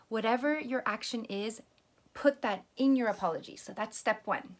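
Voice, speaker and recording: A young woman teaching young children how to apologize, speaking gently and patiently and explaining each step, now and then acting out sample apologies. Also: a little high, moderate pace. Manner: acts out sample apologies to a pretend friend. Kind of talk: lesson for children.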